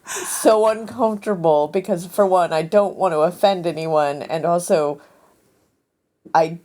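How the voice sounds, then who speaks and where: A woman's voice: lowish voice, unhurried, mellow. A woman co-hosting a casual radio chat, talking earnestly and a bit self-consciously in rambling sentences. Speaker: radio show co-host.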